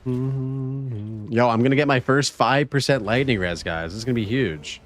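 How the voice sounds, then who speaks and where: A man's voice: mid-range voice, moderate pace. A man streaming a game, casually chatting with his viewers in a laid-back, rambling way. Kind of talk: casual gaming stream chat.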